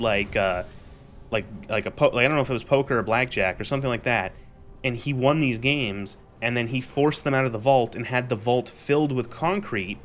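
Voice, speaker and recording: A young man streamer recapping a show in a casual, exasperated rant, animated and swearing freely. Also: medium pitch, slight background noise.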